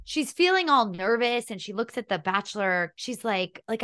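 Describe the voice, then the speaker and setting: A young woman co-hosting a podcast, telling stories in a chatty, animated way with lots of fillers. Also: on the high side, brisk, hardly any pauses. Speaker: podcast co-host. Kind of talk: casual chat.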